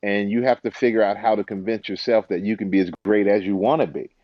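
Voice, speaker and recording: Guy on an interview couch telling stories, lively, does little voices for people, dry dullish sound. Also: lowish voice, fast talker, no room sound, highs cut off. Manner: animated storyteller, acts out quoted voices, laughs. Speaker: interview guest, former football player and TV host. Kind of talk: casual interview chat.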